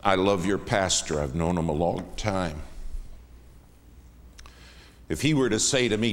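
Man, deep voice, unhurried sermon, lively swooping delivery, long church-hall reverb. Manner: emphatic, swings from hushed to raised. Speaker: guest preacher. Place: church sanctuary.

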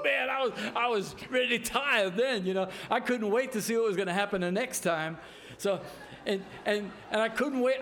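An older man from New York tells a personal story in a casual, animated way, acting out the voices of the people in it. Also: high voice, moderate pace. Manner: animated, repeats "I said" and acts out voices in his story. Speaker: storyteller giving a testimony.

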